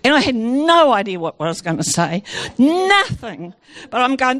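A woman tells her Christian testimony to a gathered audience. She talks in an animated way, breaking off and restarting her sentences as she goes. The sound is close and dry, with no echo. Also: high-pitched, moderate pace. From New Zealand. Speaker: speaker giving a Christian testimony.

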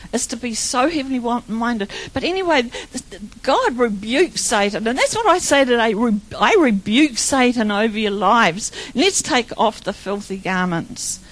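Middle-aged woman, high voice, informal sermon, chatty, rambling, laughs often. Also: rough recording. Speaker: preacher. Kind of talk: informal sermon with personal stories.

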